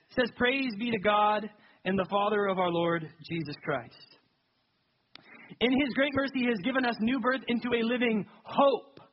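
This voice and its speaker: A man's voice: high-pitched, husky, muffled recording. A young adult man preaching a sermon in a conversational, self-deprecating way that builds to emphatic peaks. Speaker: pastor.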